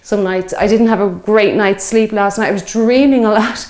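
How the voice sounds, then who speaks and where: This fitness instructor in her fifties guides a workout, chatting and cheering people on as she counts reps, breathless because she's doing the exercises too. She speaks at a moderate pace in a mid-range, slightly mellow voice with fairly even intonation.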